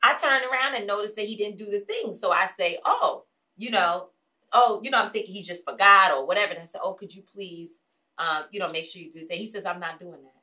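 A woman hosting a casual talk show, telling a story with animated delivery, acting out other people's lines and swearing bluntly. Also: mid-range voice, fast talker. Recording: voice a bit distant from the mic.

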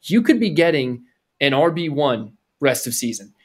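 A young man co-hosting a podcast, chatting casually and animatedly about fantasy football trades. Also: a little high. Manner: animated, quick, jokey. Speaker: podcast co-host. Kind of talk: casual sports chat.

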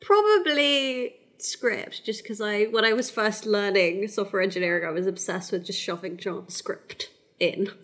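A woman guesting on a podcast, teasing the host with quick comebacks and giggles. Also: mid-range voice, fairly bright tone.

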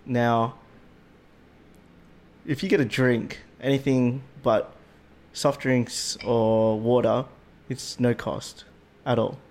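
An Australian man telling a story on a casual podcast, animated and swearing freely, his voice jumping up when he gets indignant. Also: medium pitch, slow pace. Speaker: podcast co-host.

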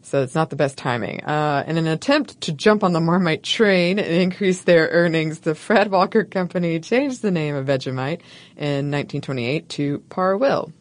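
A woman co-hosting a podcast, narrating a history segment from a script in a wry, playful way with soft laughs. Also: deep voice, moderate pace. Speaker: podcast co-host.

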